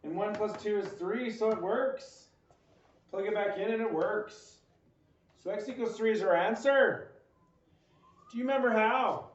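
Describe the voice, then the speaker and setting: A man's voice: sits high, a little slow, long pauses. A man teaching a math homework lesson, walking through problems step by step, quizzing the listener and adding playful jokes. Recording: echoey, dull lo-fi recording.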